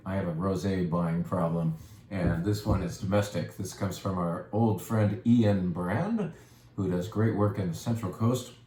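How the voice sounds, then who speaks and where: A man's voice: low-pitched, dark tone. A man hosting a casual wine presentation, chatty and playful with self-deprecating asides. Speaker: wine shop host. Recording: echoey room with faint ambience.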